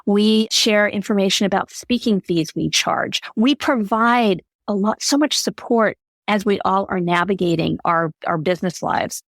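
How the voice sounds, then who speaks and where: Woman, podcast guest, mid-pitched, earnest and emphatic, dry close sound. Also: moderate pace, few pauses, no room sound. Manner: earnest, emphatic advice-giving. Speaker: podcast guest, allyship speaker. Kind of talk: conversational interview answer.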